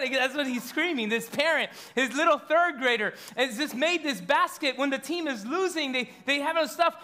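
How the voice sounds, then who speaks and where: A man in his thirties preaching a sermon as pastor, animated and storytelling, often stumbling and repeating words. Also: very high voice, moderate pace, few pauses.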